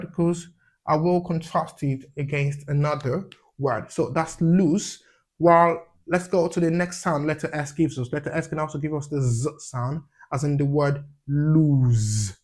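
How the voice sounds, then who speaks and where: A man teaching English letter sounds, saying each example word slowly and clearly and checking in with "yeah?". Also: a little high. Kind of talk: phonics lesson.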